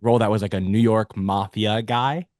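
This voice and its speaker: A man's voice: on the low side, fairly even intonation, moderate pace, darkish tone, no echo, studio quality. A young man who is a guest on a casual podcast, joking playfully and always doing bits. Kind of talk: casual chat.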